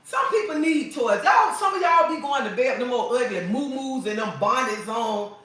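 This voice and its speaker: A woman's voice: a little high, lively intonation, normal speed, fairly bright tone. A woman host chatting casually on a livestream, sassy and preachy, calling her viewers honey. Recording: echoey room, mic at a distance.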